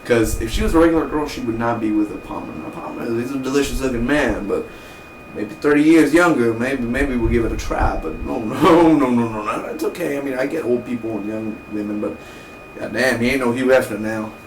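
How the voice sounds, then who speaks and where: A man casually recapping a TV episode, rambling and acting out the characters' lines in quick offhand impressions. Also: medium pitch. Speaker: TV review vlogger. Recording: roomy, distant from the mic, faint noise.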